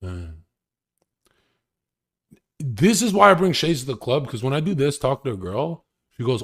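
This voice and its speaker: A young man rants on a live stream with crude boasts and frequent laughter. His pitch swings widely as he talks, and his delivery is loose and casual. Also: very animated, moderate pace, long pauses, slightly rough. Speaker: livestreamer.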